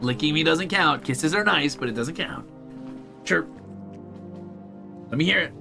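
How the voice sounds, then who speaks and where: A man's voice: a little high, expressive, measured pace, creaky, music in the background. A young man streaming casually, coaxing and teasing his pets with a playful, casual cursing manner. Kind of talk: casual live stream chat.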